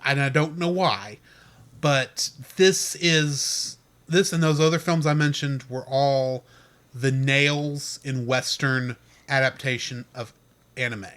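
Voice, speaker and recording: Bright-voiced man reviewing a movie. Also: mid-range voice, slow pace. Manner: eager, talks over his partner. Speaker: podcast co-host. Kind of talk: casual movie review chat.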